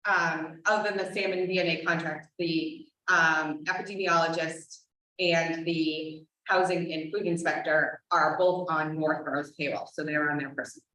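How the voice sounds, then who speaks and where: A woman giving a hesitant update at a public board of health meeting, with many pauses and restarts. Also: low-pitched, steady tone, bright, forceful tone. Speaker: board of health member, alternate regional representative. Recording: roomy echo, distant mic.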